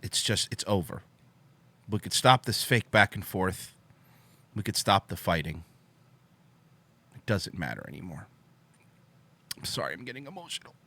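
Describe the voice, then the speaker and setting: A man hosts a livestream from home in slow, deliberate speech. His voice is bright and swings widely in pitch while he stays deadpan and mock-solemn. The sound is close and dry. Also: breathy edge. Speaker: livestream host. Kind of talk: mock-dramatic livestream monologue. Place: home studio with green screen.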